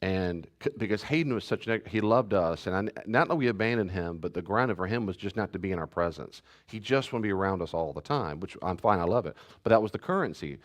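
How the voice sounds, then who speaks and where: A male pastor gives a teaching talk and takes questions, with a voice that sits on the low side. His delivery is animated and full of swings in pitch. He acts out family scenes as he tells them. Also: quick pace, few pauses.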